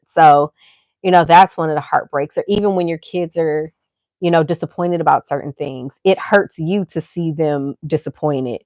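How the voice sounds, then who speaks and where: A woman with a low, deep voice talks in a loose, rambling way and keeps dropping "you know" into her sentences. The sound is dry and close, with no room echo. She speaks as a podcast host sharing frank thoughts. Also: steady tone, moderate pace, a little mellow. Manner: candid, rambling, full of "you know" asides. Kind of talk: casual chat.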